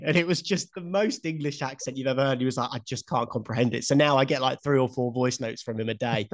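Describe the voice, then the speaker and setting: A man's voice: medium pitch, fast talker. A man co-hosting a podcast, chatting casually and laughing often as he tells stories. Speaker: podcast co-host. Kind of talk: casual chat.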